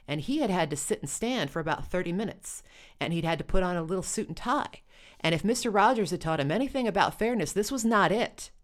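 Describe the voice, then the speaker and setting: A woman's voice: fairly low pitch, lively intonation, fast. A woman telling a first-person story with wry, dry humor.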